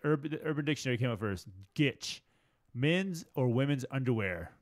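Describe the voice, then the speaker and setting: A man's voice: mid-range voice, lively intonation, moderate pace, no room sound, clean studio sound. Laid-back male podcast co-host. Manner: laid-back, reads messages aloud plainly. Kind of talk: casual chat.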